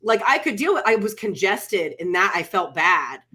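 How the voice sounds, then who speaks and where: A middle-aged woman co-hosts a relaxed chat podcast and tells her stories with real animation, playing out the other people's lines as she goes. Her voice comes across bright and forceful at an ordinary pitch. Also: moderate pace. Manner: animated storyteller who acts out what people said. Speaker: podcast co-host. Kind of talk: casual chat.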